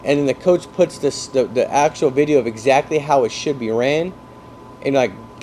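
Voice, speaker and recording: A man coaching salespeople in an energetic talk, explaining through football comparisons and often checking that his listeners follow. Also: medium pitch, normal speed, a little hiss or hum. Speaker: sales trainer.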